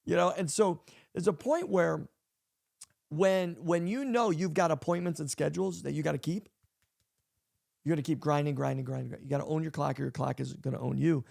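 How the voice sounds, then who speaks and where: Man, pastor and podcast host, high gravelly voice, emphatic and repetitive in a casual leadership talk. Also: brisk, darkish tone. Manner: emphatic, repeats key lines for effect.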